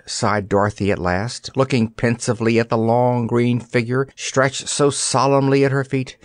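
A man narrating an audiobook in an expressive storytelling manner, on a close studio mic. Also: mid-range voice, normal speed, few pauses, no echo.

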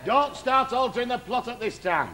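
A man's voice: very high voice, expressive, normal speed. A man playing a catty, bickering pantomime ugly sister in drag, teasing his stage partner in a live stage comedy. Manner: bickering, teasing, ad-libbing with laughs. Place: theatre stage. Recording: stage recording with audience and noise.

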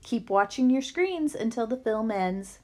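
A woman voicing a sinister teenage boy villain making loudspeaker announcements in a storybook. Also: on the high side, animated. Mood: scheming. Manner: slow, menacing.

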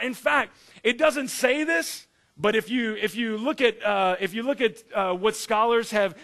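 A man preaching a sermon, animated and joking, acting out the story in voices. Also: high-pitched. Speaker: pastor.

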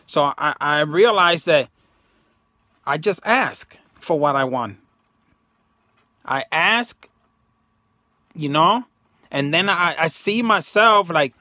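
A man's voice: on the high side, animated, slow pace, pauses often, bright, forceful tone, no echo, clean studio sound. A man talking casually and emphatically to his viewers in a rambling monologue, slipping into slang and acting out quotes. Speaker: self-help video host.

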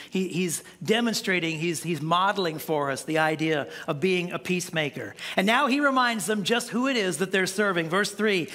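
A man's voice: high voice, sharp tone, in a large hall. A man preaching a sermon as pastor in a conversational style, often restarting and repeating words. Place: church sanctuary.

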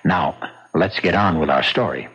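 A man hosting and introducing a radio mystery drama in a measured, wry way. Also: low voice, a bit bright, breathy edge. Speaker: host. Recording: muffled old radio with music.

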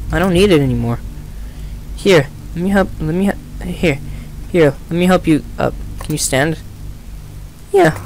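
A man voicing a grieving, unstable widower in a fan game dub, slow and heavy. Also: on the high side, slight background noise, poor audio.

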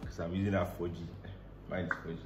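A man's voice: sits low, flat delivery, fast, darkish tone. A young man chatting playfully to his viewers in a casual vlog, talking straight to the camera. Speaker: vlogger. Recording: echoey room with music behind.

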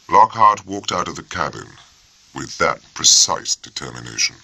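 A man narrating an audiobook in a measured, expressive storytelling manner. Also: extremely low pitch, creaky, slightly rough, low-quality recording. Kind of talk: scripted narration.

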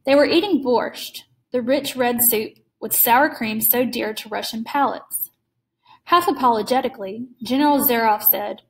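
A woman reading a classic short story aloud in a measured, clear storytelling manner. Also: fairly high pitch, rough recording. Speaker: reader.

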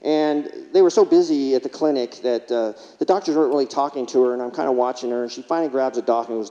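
This man talks fast with hardly any pauses, his medium-pitched voice mellow as he delivers a funny keynote in a conference hall. He tells stories and acts out patients' quotes, captured in a lo-fi recording with long hall reverb.

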